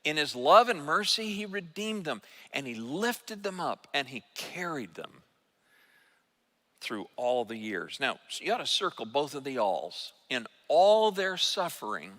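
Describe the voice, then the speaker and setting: An older man preaching a sermon as pastor, earnest and emphatic, with halting restarts. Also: on the high side, big pitch swings, sharp tone, big-room sound. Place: church sanctuary.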